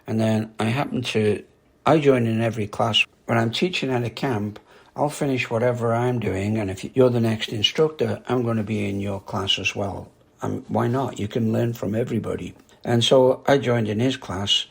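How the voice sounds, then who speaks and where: A man's voice: medium pitch, moderate pace, gravelly, breathy edge. An older man, a karate instructor hosting a podcast, telling rambling anecdotes in a casual, chatty way and laughing at his own stories.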